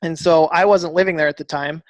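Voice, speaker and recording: A man guesting on a podcast, telling a story animatedly, acting out dialogue with fillers and quick restarts. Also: fairly high pitch, steady tone, dry recording. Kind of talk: casual storytelling interview.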